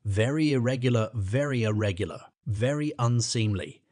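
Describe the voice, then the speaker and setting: A man's voice: medium pitch, expressive, normal speed, darkish tone, no echo, studio quality, close to an everyday voice. A man voicing a peevish, proper lawyer. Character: stiff, proper middle-aged male lawyer.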